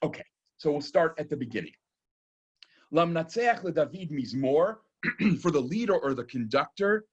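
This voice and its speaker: A man, lecturing as a rabbi on a psalm in a thoughtful, explanatory way, often pausing with "um" and checking in with "right?". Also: on the high side, animated, husky, lo-fi sound. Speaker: rabbi teaching a keynote lecture.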